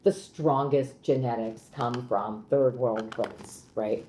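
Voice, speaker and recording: A woman's voice: extremely low pitch, steady tone, takes it slowly, warm tone, roomy sound, a little hiss or hum. A woman co-hosting a podcast, chatting casually in a blunt, rambling way and leaning heavily on "like". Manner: blunt, rambling, heavy use of "like". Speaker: podcast co-host, comedian. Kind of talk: casual chat.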